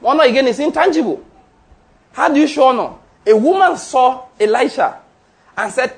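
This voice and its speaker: A man's voice: extremely high pitch, expressive, moderate pace, vocal fry. A man preaching a sermon, emphatic and drawing answers from the congregation. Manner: emphatic call-and-response preaching. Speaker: pastor.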